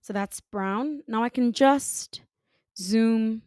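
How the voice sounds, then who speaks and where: A woman narrating a screen-recorded design tutorial, giving unhurried step-by-step instructions. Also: a little high, darkish tone, clean tone, no room sound, clean studio sound.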